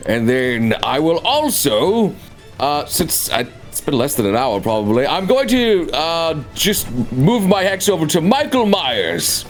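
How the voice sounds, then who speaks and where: A man playing a tabletop game in casual chat, excitable and laughing, swearing freely. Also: on the high side, measured pace, soft background music. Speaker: player.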